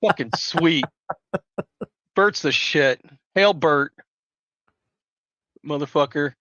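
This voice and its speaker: A man rambles through a live stream, loud and foul-mouthed. His voice is forceful and a bit high, and the sound is dull and dry, like a lo-fi mic. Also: slow, no room sound. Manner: loud, rambling, swears constantly. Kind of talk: profane casual storytelling chat.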